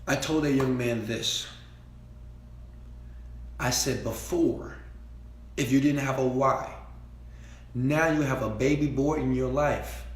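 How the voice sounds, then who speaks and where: A man giving a preachy motivational speech, repeating himself and swinging between quiet talk and shouting. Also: medium pitch, slow, long pauses, echoey room. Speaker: motivational speaker.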